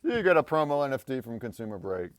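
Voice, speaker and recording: A man's voice: medium pitch, very animated, fast, no echo, clean studio sound. A man hosting a casual live stream, upbeat and laughing often as he announces winners. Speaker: stream host.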